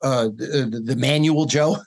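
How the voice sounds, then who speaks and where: A man co-hosting a casual podcast over a video call, telling stories in an animated, sarcastic way and swearing freely. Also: mid-range voice, unhurried, creaky. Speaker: podcast co-host.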